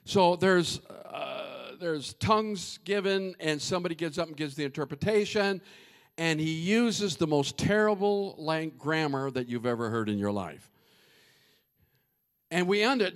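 A man preaching a humorous, animated sermon and addressing the congregation directly. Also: on the high side, measured pace.

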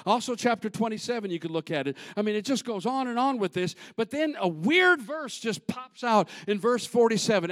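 Pastor, male, high tenor, dry close sound, preaches in surges, shouts the peaks, mutters the asides. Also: lively intonation, a little fast, no room sound. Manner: builds to shouting peaks, drops to low asides; folksy, repetitive, call-and-response. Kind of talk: sermon.

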